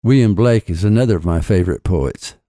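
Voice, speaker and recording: A man explaining poetry in a scripted podcast, lecturing with deliberate emphasis on key phrases. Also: low-pitched, dark tone, no room sound, studio quality. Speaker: author and podcast guest lecturer. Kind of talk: scripted literary commentary.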